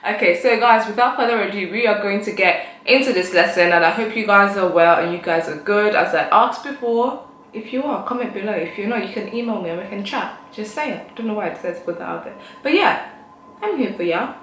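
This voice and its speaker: A young woman hosting a casual online language lesson, chatty and repeating each word slowly for her viewers. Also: medium pitch, fairly bright tone, roomy sound, slight background noise, rough recording. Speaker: language teacher, channel host.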